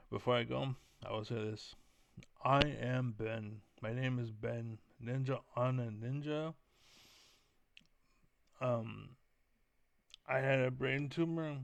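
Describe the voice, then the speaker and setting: A man's voice: mid-range voice, steady tone, slow pace, vocal fry, long pauses. A young man vlogging in a heated, profane, rambling rant full of fillers. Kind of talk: casual rant to camera.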